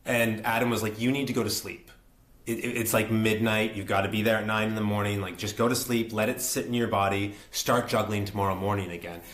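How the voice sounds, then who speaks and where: A young adult man telling an animated story as an interview guest, acting out quotes and laughing often. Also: on the low side, fairly quick, reverberant. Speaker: actor and guest.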